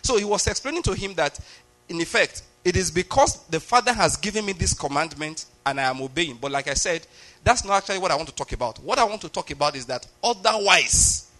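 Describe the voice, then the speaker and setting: A male preacher with a high, bright voice delivers a teaching sermon. He explains his point patiently and keeps asking the congregation whether they are getting it. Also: expressive, brisk.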